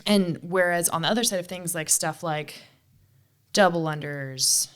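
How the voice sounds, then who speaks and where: Low-voiced woman, frank casual talk. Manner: frank, swears freely, quick asides. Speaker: podcast co-host and CrossFit coach. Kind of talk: casual chat.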